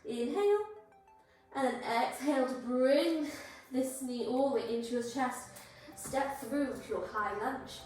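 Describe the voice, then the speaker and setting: A woman's voice: sits high, measured pace, darkish tone. A woman yoga instructor, slightly out of breath, encouragingly cueing breaths and poses through a flow. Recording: very echoey room, voice far from mic, music behind.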